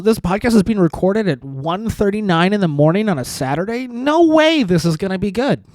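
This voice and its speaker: High-voiced self-mocking man hosting a podcast. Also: darkish tone, no room sound. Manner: self-deprecating, rambling with frequent restarts and laughs. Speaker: podcast host. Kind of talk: solo comedic podcast monologue.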